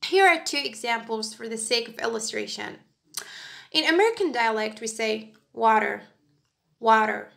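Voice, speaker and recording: Gravelly-voiced woman teaching pronunciation. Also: a little high, expressive, fairly bright tone. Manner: clear, emphatic, demonstrates word stress slowly. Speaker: English teacher. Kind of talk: scripted lesson narration.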